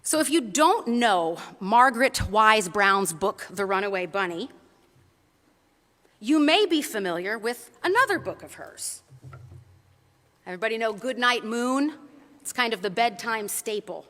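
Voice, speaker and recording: A woman preacher delivering a sermon in a friendly, storytelling way, tossing questions out to her listeners. Her voice is bright and a little high. It rings with the long reverb of a church. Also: expressive, measured pace. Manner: conversational, storytelling, asks the congregation questions.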